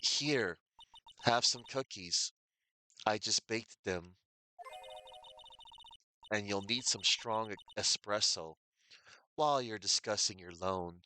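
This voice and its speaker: A man voicing a polite young waitress in a low, gentle tone, while reading a game aloud. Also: slow pace, long pauses, faint music behind.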